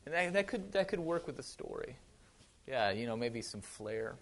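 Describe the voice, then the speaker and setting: A man's voice: mid-range voice, sing-song, moderate pace, fairly bright tone. A man with a Wisconsin accent giving a casual sermon, chatty with joking asides and frequent restarts. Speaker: pastor.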